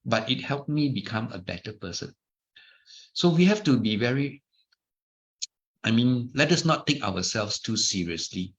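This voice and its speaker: Speaking in Malaysian-accented English, this middle-aged man delivers a casual dharma talk, rambling through anecdotes with asides and restarts. His voice is medium-pitched and fairly bright, and the recording is muffled and lo-fi.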